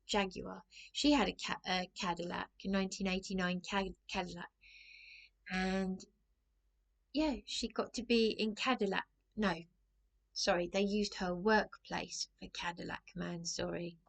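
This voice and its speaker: A middle-aged woman chats to camera in a loose, rambling way. Her voice has a gravelly fry, and she keeps breaking off and restarting in an anxious manner. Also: mid-range voice, fairly even intonation, measured pace. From England. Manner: anxious, rambling, self-interrupting. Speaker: vlogger. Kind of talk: casual storytelling to camera.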